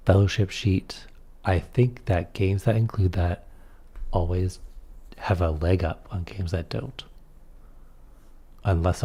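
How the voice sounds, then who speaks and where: In a deep, dark, slightly rough voice, a man reads rules from a tabletop game book aloud. He follows them with casual, offhand commentary.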